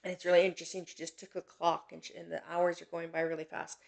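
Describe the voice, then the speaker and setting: A woman giving a live psychic reading in a gentle, reassuring way. Her voice is gravelly with a fry and stays fairly flat in pitch. She talks haltingly, with frequent fillers and restarts. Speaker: psychic medium host. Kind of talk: live-stream reading, casual chat.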